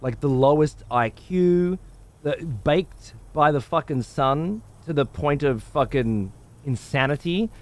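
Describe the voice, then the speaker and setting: A man's voice: a little high, expressive, takes it slowly. An Australian man doing profane let's-play commentary, ranting and mocking with heavy swearing. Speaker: gaming streamer.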